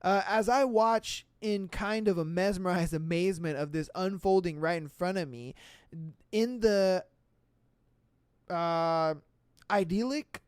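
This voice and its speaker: Profane, animated woman podcast host. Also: mid-range voice, smooth, no echo, studio quality. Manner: animated, profane, acts out quoted voices. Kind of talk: casual chat reading listener stories.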